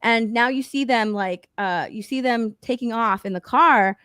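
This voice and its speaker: A high-pitched woman talks through a movie scene by scene on a casual podcast, animated and swearing freely, jumping into the characters' voices. The sound is dry and close, with no room around her. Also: moderate pace, clean tone, dry recording. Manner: animated, profane, acts out characters' lines. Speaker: podcast co-host. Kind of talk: casual chat recapping a movie.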